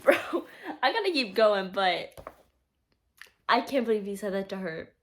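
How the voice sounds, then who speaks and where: A woman's voice: mid-range voice, sing-song, moderate pace, slight background noise. Chatty emotional young woman book vlogger. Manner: chatty and emotional, frequent fillers. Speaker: book reviewer. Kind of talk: casual reading vlog.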